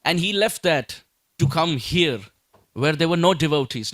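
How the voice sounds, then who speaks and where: A man's voice: fairly high pitch, animated, a little slow, fairly bright tone, no echo, studio quality. Man preaching with rhetorical questions. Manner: rhetorical questions and emphatic repetition. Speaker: speaker at a devotional talk. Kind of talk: sermon.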